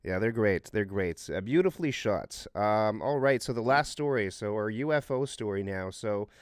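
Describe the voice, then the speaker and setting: A man's voice: lowish voice, animated, moderate pace, no echo, studio quality. A man co-hosting a casual podcast, telling a story earnestly with frequent fillers and restarts. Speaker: co-host.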